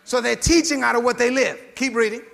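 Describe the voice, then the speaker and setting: A man preaching a sermon in call-and-response style, often rising to shouts and asking the congregation to say amen. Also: very high voice, fairly even intonation, fairly quick, creaky, big-room sound.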